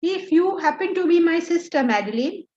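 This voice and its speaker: A woman with an Indian accent teaching Vedanta to students, animated and scolding, full of rhetorical questions. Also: very high voice, normal speed, dull audio. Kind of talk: lecture to students.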